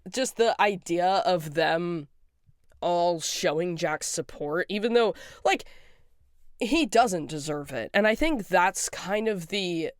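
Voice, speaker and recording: A fan rambling casually about a cartoon, excitable and giggly, often breaking into laughter. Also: mid-range voice, slow, smooth, no echo, studio quality. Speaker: fan commentator.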